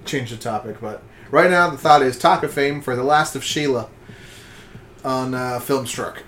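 A man's voice: medium pitch, moderate pace, fairly bright tone, slight background noise. A man co-hosting a casual podcast chat, laid-back and chuckling between remarks. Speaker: podcast co-host.

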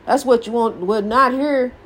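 Older woman, high voice, folksy preaching tone, repeats phrases, podcast host. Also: normal speed, a bit bright. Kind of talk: preachy motivational talk.

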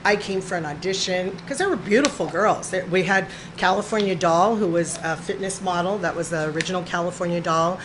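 A woman guest on a talk show recounts a story in a chatty, rambling way. Her voice is fairly low for a woman. Clear background noise runs behind her. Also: brisk, few pauses. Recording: noisy background.

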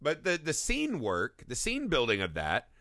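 A man co-hosting a casual movie podcast, talking in an animated, profane way and acting out scenes in goofy voices. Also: mid-range voice, normal speed, no echo, studio quality. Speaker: podcast co-host. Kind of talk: casual movie-review chat.

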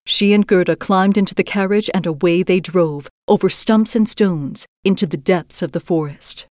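A woman host narrating a fairy tale in a measured, expressive scripted reading. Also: on the low side, no room sound, studio quality. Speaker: storyteller host.

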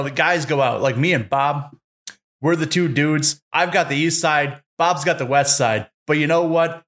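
A man's voice: on the high side, fairly bright tone. A man co-hosting a casual chat, telling joking stories and acting out characters along the way. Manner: tells joking stories with acted-out voices. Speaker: podcast co-host.

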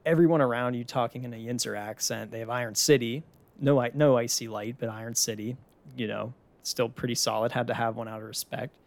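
A man's voice: medium pitch, fairly even intonation, brisk, creaky. A young man from the Pittsburgh area, hosting a casual solo podcast, talking in a loose, chatty way with casual swearing. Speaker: podcast host.

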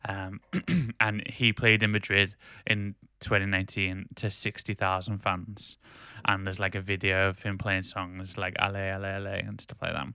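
A man's voice: deep voice, flat delivery, normal speed, hardly any pauses, sharp tone, clear, resonant tone, dry recording, clean studio sound. A man co-hosting a casual podcast, ranting with strong opinions and laughing easily. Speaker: podcast co-host.

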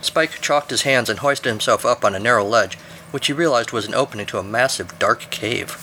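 Bright-voiced man telling a story. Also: medium pitch, fairly quick, slight background noise. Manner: wry, playful narration. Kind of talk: reading his own story aloud.

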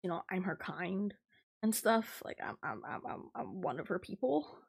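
Gravelly-voiced young woman ranting. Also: mid-range voice, normal speed. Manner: animated, swearing, dramatic retelling. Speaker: podcast host. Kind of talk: casual ranting storytelling. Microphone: podcast mic, recorded live.

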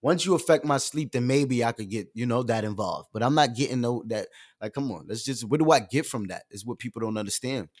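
A young man hosting a live stream, ranting with heavy slang and swinging from loud bursts to low asides. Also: brisk. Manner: profane, streetwise slang. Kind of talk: animated rant on a live stream.

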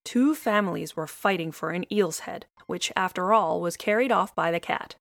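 A woman tells a fairy tale in a gentle, even voice with a gravelly texture. The recording is dry and close, with no room sound. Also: lowish voice, normal speed, few pauses, no echo. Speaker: storyteller. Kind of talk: fairy tale read aloud.

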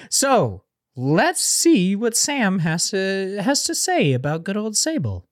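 A man's voice: high-pitched, wildly swooping pitch, slow pace. A man co-hosting a casual podcast, joking loosely and laughing often. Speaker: podcast co-host.

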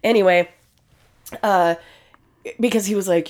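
Low-voiced woman telling crude stories. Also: fast, pauses often, a little mellow. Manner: blunt, profane storytelling with frequent laughs. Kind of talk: casual crude chat.

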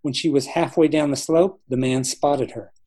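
Male author narrating his own fiction, mellow tone, measured delivery. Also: medium pitch, slightly rough. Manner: steady, measured storytelling. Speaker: author reading his novel. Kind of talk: audiobook-style narration.

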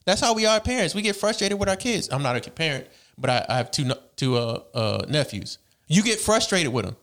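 Young man, quick talker, rambling explanations, casual debate. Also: on the high side, big pitch swings, a bit bright. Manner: rambling, explanatory, insists on finishing.

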